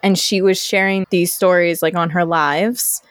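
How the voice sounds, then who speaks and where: Young woman guest, lively storyteller, lowish voice, dry close sound. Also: a little slow, dry recording. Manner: animated, acts out quoted people. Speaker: podcast guest. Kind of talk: casual storytelling chat.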